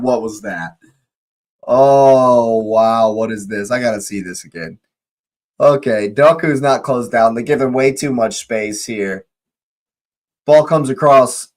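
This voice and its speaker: A young man hosting a live football watch-along, excitable, laughing often and repeating his phrases. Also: mid-range voice, slow pace.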